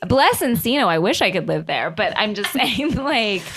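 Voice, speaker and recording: A woman co-hosting a podcast in casual chat, animated and gushing, quick to laugh. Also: medium pitch, creaky, slight background noise. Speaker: podcast co-host.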